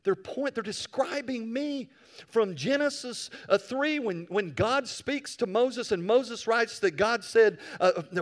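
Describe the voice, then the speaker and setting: A male pastor preaching a sermon, telling stories with animated swings from quiet asides to loud bursts. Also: high-pitched, measured pace.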